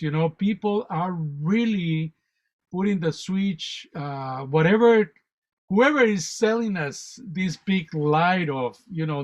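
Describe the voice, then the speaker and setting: A guest on a spiritual talk show tells stories in an animated, rambling way, often repeating words, in a voice on the high side. The audio is dull, lo-fi online radio sound.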